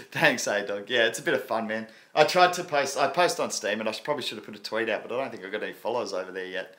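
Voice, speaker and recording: Talking fast in a fairly low, sharp voice, a crypto livestream host in his thirties with an Australian accent chats loosely with viewers. The stream is casual, and he's laid-back and slangy, laughing often.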